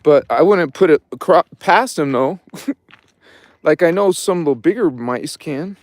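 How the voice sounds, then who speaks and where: A middle-aged man, hosting a spiritual livestream from his phone. He swings between mumbled casual chatter and fervent shouted invocations. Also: fairly high pitch, lively intonation, a little slow, no echo. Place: by his truck in a cold underground space at night.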